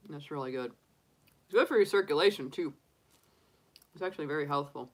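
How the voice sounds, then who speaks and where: A woman's voice: deep voice, a little fast. A woman in her forties, a tarot reader chatting casually on a live stream and laughing often. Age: 40s.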